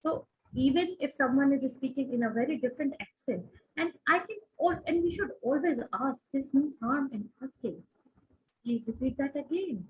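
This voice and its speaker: A woman's voice: high voice, normal speed, few pauses, highs cut off. A woman from Pakistan speaking as a panelist in a conference discussion, earnest and winding, often restarting her sentences.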